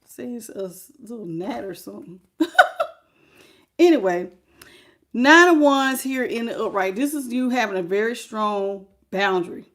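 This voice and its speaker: Woman, tarot reader, sassy, lively, slightly high voice. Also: a little slow. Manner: sassy, lively, talks straight to the viewer. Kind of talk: live tarot reading to viewers.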